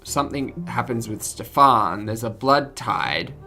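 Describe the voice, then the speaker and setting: A woman's voice: extremely low pitch, animated, unhurried, sharp tone, faint music behind. A woman streamer reading game text aloud with jokey asides, giggling and tripping over words.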